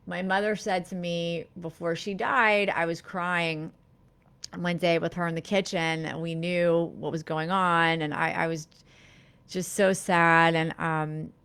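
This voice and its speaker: Therapist lady on a live stream, soft and reflective, lots of ums and restarts, lower pitch. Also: flat delivery, unhurried, clean tone. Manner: gentle, reflective, many fillers and restarts. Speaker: therapist and live show host. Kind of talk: live-streamed talk to viewers.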